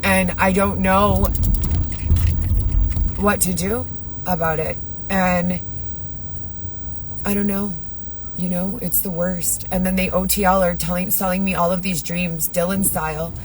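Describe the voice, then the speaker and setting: A woman's voice: lowish voice, little pitch movement, a little slow, long pauses, a little hiss or hum, rough recording. A woman ranting on a live video in a distressed, rambling way, swearing often. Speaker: livestreamer. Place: Chicago.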